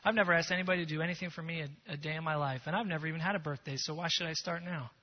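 A man voicing a humble, weary woman of 39 who speaks softly and haltingly. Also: on the high side, close to an everyday voice. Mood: defensive. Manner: soft, halting, pleading. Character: weary 39-year-old woman, tearful and humble. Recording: long hall echo, dull sound.

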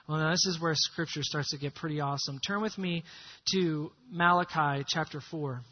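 A man's voice: fairly high pitch, moderate pace, slight background noise. A man preaching a sermon, teaching with energy and getting the congregation to repeat words after him. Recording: muffled lo-fi sermon recording.

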